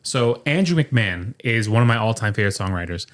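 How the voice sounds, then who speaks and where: A man's voice: lowish voice, animated, brisk. A man co-hosting a casual podcast, telling stories and acting out what people said. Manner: chatty storyteller, acts out quotes. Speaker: podcast co-host. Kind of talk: casual chat. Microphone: studio microphone.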